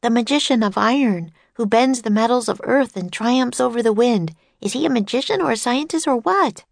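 An eager, curious little girl from a storybook, put on by a woman reading aloud. The voice sits high and bright with excitement, and she is quick to exclaim. It sounds dry and close. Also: vocal fry, no room sound. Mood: wondering.

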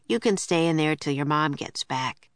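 Practical, cautious young boy, as a woman reader puts him on; low, plain and dry. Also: lively intonation, normal speed, dry recording. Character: sensible young boy, cautious older brother.

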